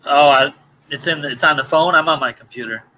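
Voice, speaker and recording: A man's voice: fairly high pitch, a little fast, sharp tone, a little hiss or hum, rough recording. A man on a casual livestream chat, telling a story and cutting in to defend himself. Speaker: livestream co-host.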